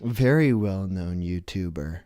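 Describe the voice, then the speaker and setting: A man's voice: sits low, expressive, a little slow, mellow, dry recording, studio quality. A man hosting a live stream, rambling through a self-deprecating comedic monologue full of restarts. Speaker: livestream show host.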